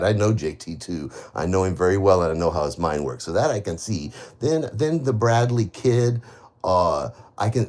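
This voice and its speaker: A man with a somewhat low voice rants bitterly on a live stream, hammering the same accusations over and over and swearing heavily. His speech rambles, with frequent restarts and trailing half-sentences. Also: darkish tone. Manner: bitter, accusing, repeats himself. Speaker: livestreamer. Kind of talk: live stream rant to viewers.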